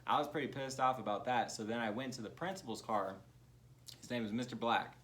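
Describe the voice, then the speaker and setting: A man's voice: medium pitch, a little fast, fairly bright tone, a little hiss or hum. A man co-hosting a comedy podcast, telling profane childhood stories in a loose, laughing way. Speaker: podcast co-host. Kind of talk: casual chat.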